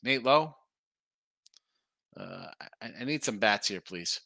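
A middle-aged man hosts a casual sports betting live stream, rambling and restarting his sentences. His voice is bright and forceful, and the sound is dry and close with little room echo. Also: mid-range voice, animated, slow, creaky, long pauses. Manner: rambling, self-interrupting, reads chat comments aloud. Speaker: sports betting show host.

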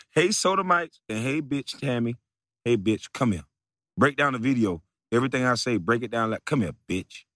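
A man's voice: mid-range voice, a bit bright, no echo, clean studio sound. A man who makes videos, delivering a mocking, profane rant at a rival, repeating taunts and breaking into laughter. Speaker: video creator.

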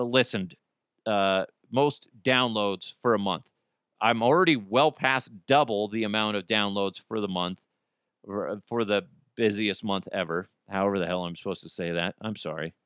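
A man's voice: mid-range voice, fairly bright tone, dry recording, studio quality. A man hosting a podcast, talking casually in a crude, jokey way and slipping into mocking voices. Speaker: podcast host. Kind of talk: casual solo podcast rant.

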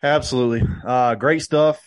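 A man co-hosting a casual podcast, easygoing and quick to agree. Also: mid-range voice, steady tone, no room sound, studio quality. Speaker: podcast co-host. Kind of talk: casual chat about golf.

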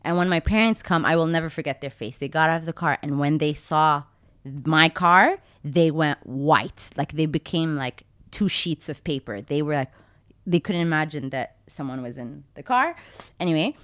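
A young woman casually telling a long personal story, acting out her own remarks in a much higher voice. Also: normal speed, dry recording. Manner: animated, acts out her own lines in a high voice.

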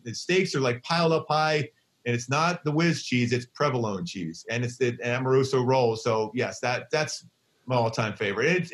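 A middle-aged man with a Philadelphia accent, talking as a guest in a casual interview. He tells stories excitedly, often restarting his sentences. His voice sits at an ordinary pitch. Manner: excitable storyteller, frequent restarts. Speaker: baseball broadcaster, guest.

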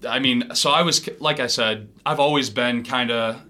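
A man's voice: mid-range voice, normal speed. A young man from Wisconsin, a pro baseball player, telling stories in a casual interview and acting out other people's voices. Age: 20s. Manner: animated storyteller, acts out others' voices. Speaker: pro baseball pitcher, guest.

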